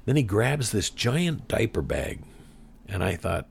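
A man's voice: on the low side, very animated, measured pace, creaky, breathy edge. A man telling anecdotes as an interview guest, chuckling now and then. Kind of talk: casual storytelling.

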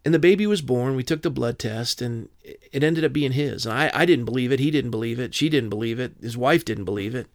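Man, interview guest, brisk earnest storyteller, dry close mic. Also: mid-range voice, no echo. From Southern California. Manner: earnest storyteller, quotes dialogue. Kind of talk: personal testimony in an interview.

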